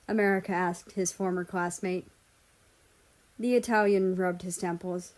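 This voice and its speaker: A woman reads a fan fiction story aloud as an audiobook. Her narration is steady and even, carrying the listener through the scene. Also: on the low side, a little slow. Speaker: story reader.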